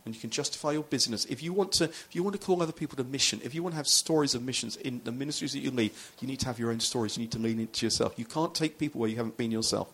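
A man's voice: mid-range voice, rapid-fire, few pauses, a bit bright, breathy edge. A man, a pastor, preaching a sermon in a loose, conversational storytelling way with frequent restarts.

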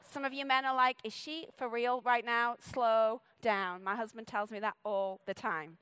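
A woman preaching a sermon in a church. She talks fast and sounds playful and full of energy. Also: fairly high pitch, little pitch movement, a bit bright, clear, resonant tone, no room sound. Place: church stage.

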